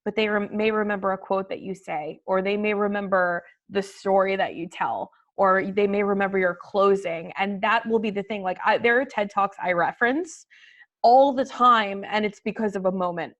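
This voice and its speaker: A woman guest on a webinar, talking in an animated, emphatic way and laughing easily. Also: mid-range voice, normal speed, lo-fi sound. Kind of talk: casual webinar chat.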